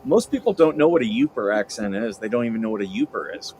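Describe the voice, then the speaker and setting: A man chatting on a livestream, hesitant and apologetic with halting restarts. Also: lowish voice, expressive, darkish tone, rough recording. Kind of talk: casual chat on a livestream call. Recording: livestream call audio with faint noise.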